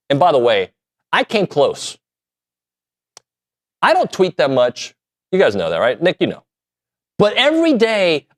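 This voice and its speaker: A man hosting a sports talk show, talking casually in an animated, joking way that pokes fun at himself. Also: medium pitch. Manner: animated, self-deprecating, jokey. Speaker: sports radio host.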